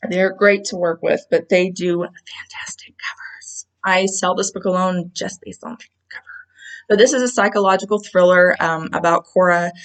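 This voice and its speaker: A woman talks casually about her novels from home, chatty and relaxed, with plenty of ums and side remarks. Her voice sits at a middling pitch and comes through a video call. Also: low-quality recording. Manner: chatty, with many ums and asides. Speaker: author presenting her books.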